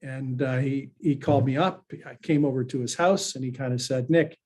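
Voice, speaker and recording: A man guest telling lively personal stories in a casual podcast chat. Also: mid-range voice, a little fast. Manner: animated anecdotal, frequent fillers. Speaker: pollster and guest.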